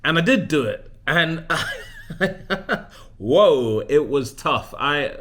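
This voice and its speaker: A man's voice: a little high, lively intonation, drawn-out words, a bit bright. A man in his forties, a leadership coach, talking casually in a personal vlog, chatty and self-deprecating, often restarting his sentences. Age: 40s.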